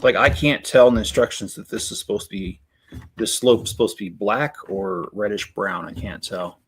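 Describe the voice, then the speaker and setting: A man's voice: on the low side, normal speed, breathy edge. A middle-aged man hosting a casual building stream, rambling as he talks to viewers in the chat. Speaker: Lego building channel host.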